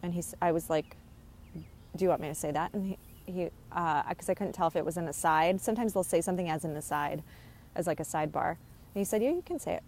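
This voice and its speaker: A woman's voice: lowish voice, brisk, a little mellow, slight background noise. A woman talking casually as she relays a spirit's messages, hesitant with many fillers and restarts, laughing now and then. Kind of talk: casual channeling monologue.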